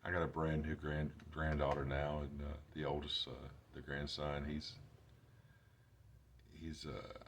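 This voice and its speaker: A man's voice: very deep voice, flat delivery, measured pace, creaky, a little hiss or hum. A man in his forties with grandchildren, talking casually and rambling to camera in his workshop vlog, with loose, self-deprecating grammar. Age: 40s. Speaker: YouTube creator.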